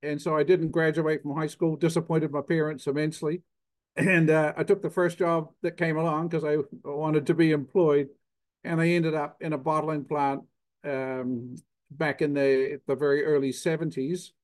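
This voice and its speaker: A man's voice: a little high, little pitch movement, normal speed, a little mellow. An older man from New Zealand with a New Zealand accent, a cheese consultant guest explaining technical matters in a plainspoken, self-deprecating way. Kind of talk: technical interview talk.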